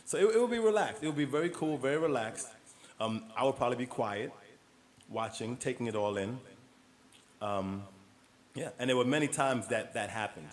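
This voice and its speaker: A man from New York talking as an interview guest, relaxed and storytelling, often laughing. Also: mid-range voice, moderate pace. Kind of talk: casual interview conversation.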